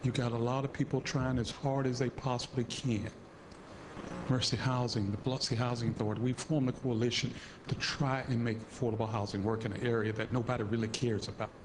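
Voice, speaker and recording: A man's voice: medium pitch, little pitch movement, a little fast. Brief: man making an emotional plea from the podium, mid-range voice, noise in the background. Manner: earnest, pleading, repeating "please". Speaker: community advocate speaker. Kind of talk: emotional luncheon speech.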